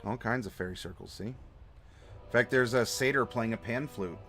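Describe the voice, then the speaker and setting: A man hosting a live map-design stream, chatting to viewers in an animated, playful way. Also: medium pitch, normal speed, soft background music. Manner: animated, playful, talks to chat. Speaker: host.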